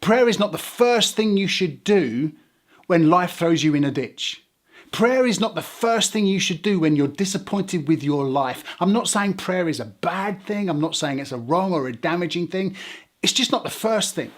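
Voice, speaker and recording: A man's voice: sits high, expressive, moderate pace. An English man preaching a sermon as a pastor, earnest and conversational, asking rhetorical questions.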